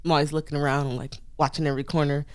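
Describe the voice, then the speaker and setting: A podcast co-host, a woman with a low voice, races through a story in casual conversation, animatedly acting out the people in it. The sound is clean and studio quality, with no room sound.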